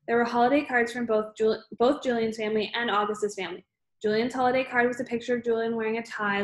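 Woman reading a novel, echoey room. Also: a little high. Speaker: reader. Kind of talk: amateur audiobook reading.

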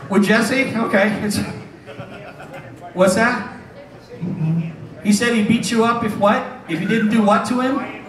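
A middle-aged man doing comedic stage banter as a hypnotist, teasing the crowd with quick jokes and frequent chuckles. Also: high-pitched, fairly even intonation, a bit bright. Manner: wisecracking, teasing the audience, chuckles often. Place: casino showroom stage. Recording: echoey hall from a distance.

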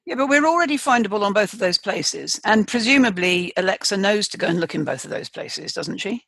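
A woman's voice: mid-range voice, animated, a little fast, creaky, a bit bright, breathy edge, no room sound. A woman in her sixties co-hosting a podcast, teasing her partner with dry humour in casual chat. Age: 60s. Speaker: podcast co-host.

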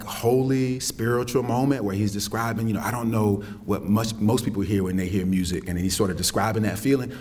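A middle-aged man from South Carolina, lecturing on campus with animated storytelling and folksy asides. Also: on the low side. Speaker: poet lecturing. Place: lecture hall.

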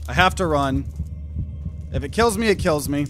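A man's voice: fairly high pitch, lively intonation, moderate pace, music in the background. A young man giving tense play-by-play commentary as he plays a video game. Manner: tense whispery play-by-play, bursts into yelling. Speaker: gaming YouTuber. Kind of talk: live gameplay commentary.

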